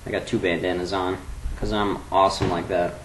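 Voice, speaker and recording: A man rambling goofily in a webcam vlog at home at his computer, jumping between low mumbling and sudden squeals. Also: level tone, brisk, background noise. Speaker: vlogger.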